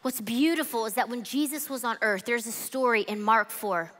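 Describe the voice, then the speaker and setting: A woman preaching a sermon at a church event, telling the story in an animated, conversational way. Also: a little high, moderate pace, in a large hall. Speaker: women's ministry speaker. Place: church event hall with audience.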